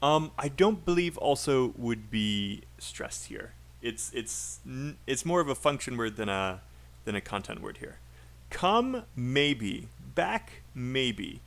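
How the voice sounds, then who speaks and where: A man with a British accent teaching an online English speaking class, repeating phrases slowly for learners to copy. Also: medium pitch, big pitch swings, gravelly, fairly bright tone. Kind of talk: livestream pronunciation lesson.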